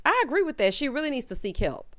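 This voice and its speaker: A woman's voice: high voice, very animated, fast, a bit bright, dry recording, studio quality. A woman hosting a reality TV recap, talking casually, blunt and sassy, scolding the cast and calling listeners honey. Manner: calls viewers honey and baby.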